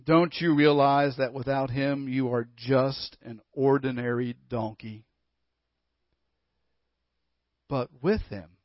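A man voicing a wise mother donkey who speaks gently and softly to her child. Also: medium pitch, no room sound, muffled recording, lightly acted. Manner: gentle, soft-spoken.

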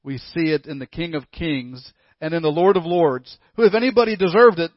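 A male pastor preaching a sermon emphatically, with rhetorical questions and dramatic pauses. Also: fairly high pitch, dry recording, lo-fi sound.

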